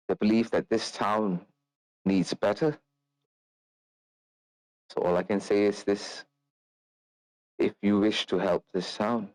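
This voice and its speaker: An ailing old noblewoman, shrewd and secretive, pleads in formal, measured phrases, as a man with a low voice puts her on a few steps above his own. She has little strength left, but she is resolute. The recording is close and dry. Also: dry recording, low-quality recording. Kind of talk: tabletop role-play.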